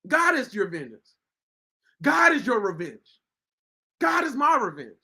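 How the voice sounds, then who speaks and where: A man giving informal devotional preaching from scripture, firing off rhetorical questions with bursts of shouting. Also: very high-pitched, huge pitch swings, measured pace, breathy edge. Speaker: online Bible teacher.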